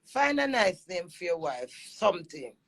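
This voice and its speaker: A Jamaican woman with a gravelly, husky voice, airing a heated complaint about her marriage in an emphatic, repetitive monologue that mixes patois and English. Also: fairly low pitch, very animated, moderate pace, a bit bright. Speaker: dancehall personality airing a marital dispute.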